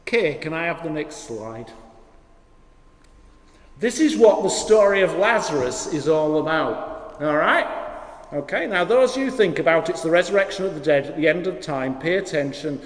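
A man preaching as a vicar, with wry storytelling and sudden drops to hushed emphasis. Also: fairly high pitch, expressive, normal speed. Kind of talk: sermon. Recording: long hall reverb.

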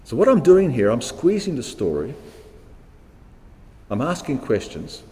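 A man's voice: mid-range voice, very animated, unhurried, dark tone, big-room sound. A man, preaching a sermon in a reflective, questioning way, repeating words for emphasis. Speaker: pastor.

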